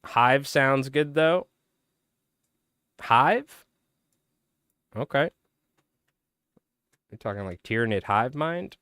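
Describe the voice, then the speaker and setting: Speaking in an animated medium-pitched voice, a man draws out his words and pauses often; the tone is clean and a bit bright, recorded dry at studio quality. He's loosely rambling on a casual fly-tying stream, chatting with viewers by name. His voice is tired and strained, and he clears his throat.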